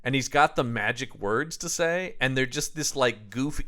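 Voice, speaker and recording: A man in casual movie-review chat, speaking at a mid pitch. He talks with amused enthusiasm, reading film lines aloud and dropping his voice low and quiet for the punchlines. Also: moderate pace. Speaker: podcast co-host.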